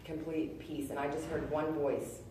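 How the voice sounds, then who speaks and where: A woman in her thirties gives a personal testimony in a low voice. Her talk is earnest and halting, full of pauses and fillers. She sounds set back from the mic in a strongly echoing room with faint noise behind. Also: level tone, dark tone. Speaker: testimony speaker. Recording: echoey room, voice from a distance.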